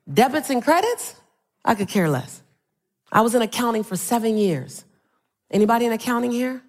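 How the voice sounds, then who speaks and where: Middle-aged woman, motivational speaker, fairly high voice, playful storytelling, rhythmic calls to the crowd, live stage. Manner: storytelling, playful, builds to rhythmic calls with audience check-ins. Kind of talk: motivational keynote speech to a live audience. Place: large stage before a live audience.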